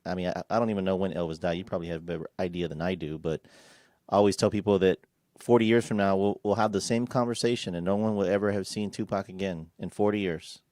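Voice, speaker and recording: A man's voice: low voice, steady tone, fast talker, a little mellow, dry recording, studio quality. A man chatting as co-host on a livestream, hesitant and repeating his words. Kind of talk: casual livestream chat.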